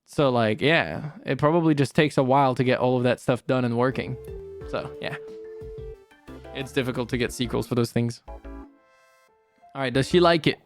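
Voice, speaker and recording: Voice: mid-range voice, normal speed, long pauses, soft background music. A streamer chatting casually while playing a game, rambling, correcting themselves and swearing offhand.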